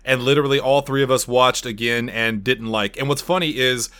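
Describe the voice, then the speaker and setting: A man hosting a podcast and chatting casually, loud and ranting, swearing freely. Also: medium pitch, fairly even intonation, a little fast, clean tone. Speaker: podcast host.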